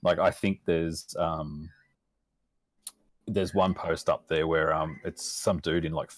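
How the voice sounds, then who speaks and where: A young Australian man talks on a podcast in a very low, gravelly-deep register, recorded close and dry. He chats loosely, laughs a lot, swears constantly and keeps stopping to restart his sentences. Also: level tone, slow, no room sound. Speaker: podcast guest, meme page runner. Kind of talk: casual chat.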